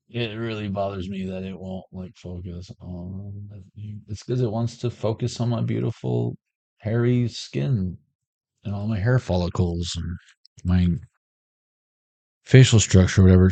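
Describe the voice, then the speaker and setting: A man's voice: on the low side, a little mellow, no room sound. A man hosting a casual tarot reading vlog, full of playful jokes and asides. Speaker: tarot reader.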